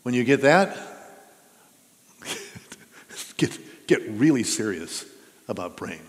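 In a church sanctuary, a pastor delivers his sermon slowly in a mid-range voice that is very animated. His manner is earnest and conversational, and he asks the congregation questions, with the sound reverberating through the church hall.

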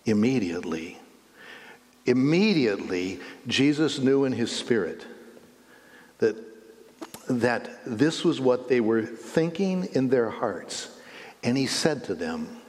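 A man's voice: mid-range voice, slow pace, long pauses. A male pastor preaching a sermon, telling the story vividly and asking the listeners questions. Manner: animated storytelling with rhetorical questions. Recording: long reverb in a hall.

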